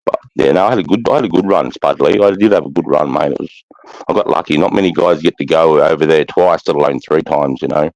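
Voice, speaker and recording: A man's voice: extremely low pitch, fast, a little mellow, no room sound, lo-fi sound. A middle-aged Australian man, a former army sergeant, telling war stories in casual chat, bluntly and with constant swearing. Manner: blunt, heavy swearing, keeps adding "mate".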